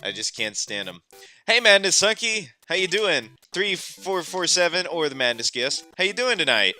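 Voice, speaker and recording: Bright, animated man streaming a game. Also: on the high side, moderate pace. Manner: animated, exclamatory, laughs often. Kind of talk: casual gameplay chat.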